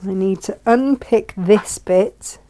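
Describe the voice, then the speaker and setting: A woman's voice: mid-range voice, takes it slowly, dark tone. A woman chatting as she sews, talking herself through each step with self-mocking asides. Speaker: sewing vlogger. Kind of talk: chatty sewing tutorial. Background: sewing machine.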